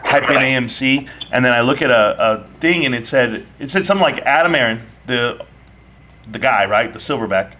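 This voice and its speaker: A man's voice: medium pitch, a little fast, noisy background. A man hosting a live online audio chat, arguing brashly and teasing his caller in a heated casual debate. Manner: brash, mocking, animated. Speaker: live stream host.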